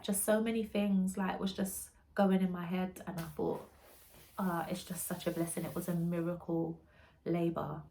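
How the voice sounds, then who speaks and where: Young woman, low-ish voice, quiet halting storytelling, lots of breathy pauses. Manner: soft, halting, often hushed and breathy. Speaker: vlogger telling her birth story. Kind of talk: emotional personal storytelling.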